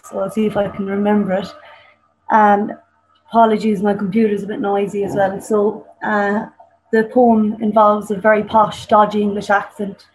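A woman's voice: mid-range voice, darkish tone, a little hiss or hum, low-quality recording. A woman with an Irish accent, a poet who chats about her memories over a weak video call, then recites her poem with emphatic, dramatic delivery. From Ireland. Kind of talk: introducing and performing a poem. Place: home on the coast. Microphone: video call over a weak connection.

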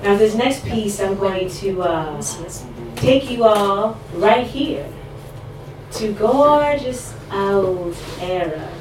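A woman delivers spoken word poetry slowly and deliberately, letting each phrase land. Her voice comes from a distance, caught in a very echoey room with a faint hum underneath. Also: mid-range voice, animated. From United States. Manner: measured, rhythmic recitation, then loose, laughing asides. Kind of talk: spoken word poetry performance with chatty introductions. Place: live performance venue.

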